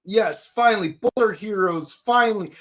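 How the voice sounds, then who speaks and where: A man's voice: sits high, moderate pace, a bit bright. Man chiming in eagerly on a podcast. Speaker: podcast co-host. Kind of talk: casual fan chat.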